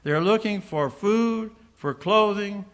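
An older man with a high-sitting voice preaches a sermon slowly, reading scripture aloud. He's emphatic, posing rhetorical questions to the congregation and then answering them himself.

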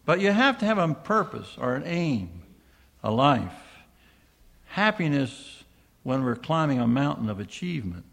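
A man's voice: mid-range voice, very animated, unhurried, creaky, fairly bright tone. An older man preaching a sermon, reading scripture aloud and asking his listeners questions he then answers himself. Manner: emphatic, asks the congregation rhetorical questions.

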